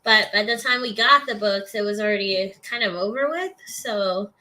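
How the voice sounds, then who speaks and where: A woman's voice: medium pitch, moderate pace, sharp tone, poor audio. A woman co-hosting a couples podcast, answering plainly and matter-of-factly in casual chat. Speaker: podcast co-host.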